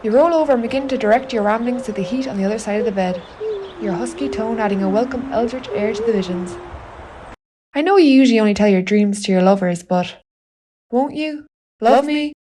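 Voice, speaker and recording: Irish woman, fairly high voice, telling her strange dreams in an intimate, sweary monologue. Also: fairly quick. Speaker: narrator of an autofictional audio artwork. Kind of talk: confiding spoken-word monologue.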